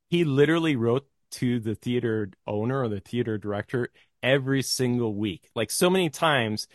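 A man's voice: mid-range voice, dry recording, clean studio sound. A man chatting as a podcast guest, telling anecdotes and acting out the quoted voices. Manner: storytelling, acts out quoted voices. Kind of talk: casual podcast chat.

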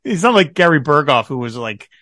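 A man's voice: a little high, fairly quick, no room sound, studio quality. A man co-hosting a podcast in casual chat, recapping a TV episode with frequent laughs and quoted lines. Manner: animated, laughing often, quoting characters. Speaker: podcast co-host.

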